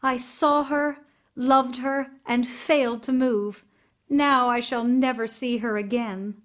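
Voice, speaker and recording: A woman's voice: on the high side, fairly even intonation, slow, fairly bright tone, voice pushed up. A woman voicing an earnest young man, the hero of a fairy tale, with a slightly raised voice. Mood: lovesick.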